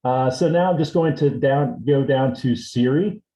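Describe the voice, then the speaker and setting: Relaxed man teaching in a roomy hall. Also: medium pitch, a little slow. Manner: relaxed, explains step by step. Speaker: assistive technology instructor. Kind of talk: instructional demonstration. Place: indoor seminar room. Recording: roomy echo.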